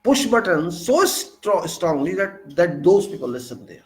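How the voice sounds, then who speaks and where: A man's voice: high-pitched, sing-song, a little slow, hardly any pauses, poor audio. A man with an Indian English accent giving an indignant political monologue, full of rhetorical questions and repeated phrases. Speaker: political commentator.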